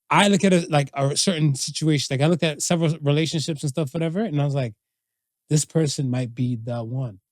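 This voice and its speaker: A man's voice: on the high side, moderate pace, no room sound, studio quality. A man co-hosting a casual podcast, talking through relationships and current events in a loose, conversational way. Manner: conversational, drops into playful acted quotes. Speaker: podcast co-host. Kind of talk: casual chat.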